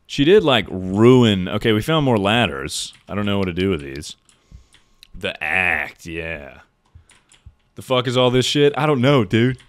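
A man's voice: fairly low pitch, sing-song, measured pace, no room sound. A young man streaming a horror game live, joking loosely and reading out chat. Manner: jokey, reacts to chat and thanks subscribers.

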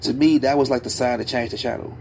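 A man co-hosting a podcast, telling stories in a loose, animated way with plenty of slang and asides. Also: mid-range voice, fast talker, creaky, crowd noise. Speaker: podcast co-host. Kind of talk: casual podcast chat.

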